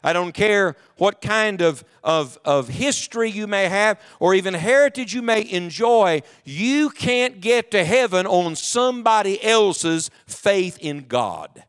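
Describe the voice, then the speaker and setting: Male pastor, high resonant voice; preaches with sweeping dynamics, drops to a hush. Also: expressive, a little slow, few pauses, clean tone. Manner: preaching with sweeping swings in volume, dropping to near hush. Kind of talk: sermon. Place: church sanctuary.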